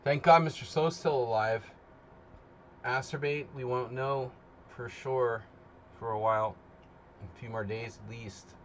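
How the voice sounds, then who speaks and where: A mid-range male voice, a little slow and pausing often, rambles casually to chat while setting up his live chess simul stream, somewhat tired after napping. The recording is muffled, with a little hiss or hum.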